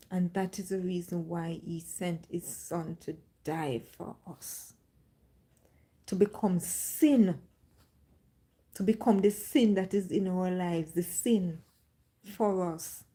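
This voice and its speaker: Slow-speaking woman giving testimony. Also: lowish voice, mellow, slightly rough. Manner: slow storytelling, dramatic re-enactments. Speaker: livestream host. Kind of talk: faith testimony on a livestream.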